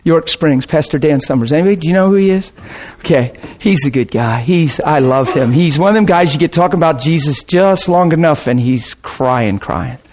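A man preaching as a pastor, telling a story casually with lively swings between low asides and excited high bursts. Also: moderate pace, few pauses. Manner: casual, rambling, with restarts and laughter. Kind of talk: sermon storytelling.

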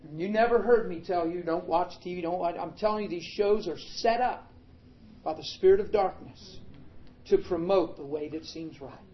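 A man with a fairly high voice preaches a sermon and tells a story with flair, acting out the voices of the people in it. The recording is a little dull and muffled, with a faint hiss in the background. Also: moderate pace. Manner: dramatic storytelling, acting out quotes. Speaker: pastor.

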